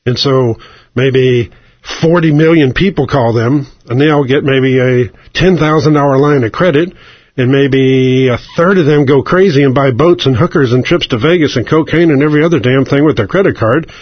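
A man's voice: mid-range voice, normal speed, no echo. A man hosting a radio talk show, telling a sarcastic, profane satirical rant, over a dull, dry broadcast.

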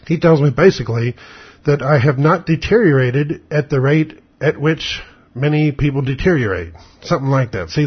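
Older man, husky voice, blunt and sarcastic, rambling storyteller, dull lo-fi recording. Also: mid-range voice. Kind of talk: casual spoken monologue.

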